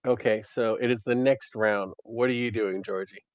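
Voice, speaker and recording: A man running a tabletop horror game as game master, narrating haltingly with many ums. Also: on the low side, fairly even intonation, a little mellow, no echo. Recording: dull, dry sound.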